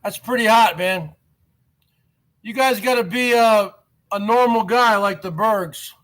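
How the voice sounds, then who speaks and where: High-voiced slow-talking man ranting. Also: a bit bright. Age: 40s. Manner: repetitive, drawls "man" at line ends. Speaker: vlogger host. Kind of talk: rambling mocking rant. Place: at home.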